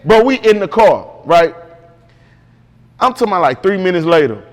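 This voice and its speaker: A man's voice: high voice, big pitch swings, normal speed, big-room sound. A man guest in an interview, telling a story casually and with animation, full of slang and repeated "bro".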